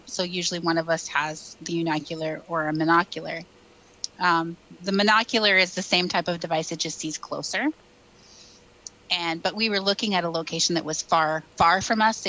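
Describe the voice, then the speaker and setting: A woman's voice: lowish voice, pushed and bright, low-quality recording. A middle-aged woman with a Minnesota accent, a guest chatting in a live interview with many ums and restarts. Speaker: guest investigator. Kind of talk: casual interview chat.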